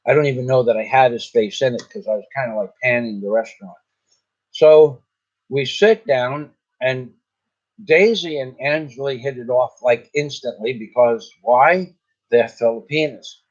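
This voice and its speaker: A man's voice: medium pitch, moderate pace. An older man telling a long story in a casual, rambling way, often repeating himself and restarting his sentences. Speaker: vlogger. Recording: slightly dull lo-fi sound.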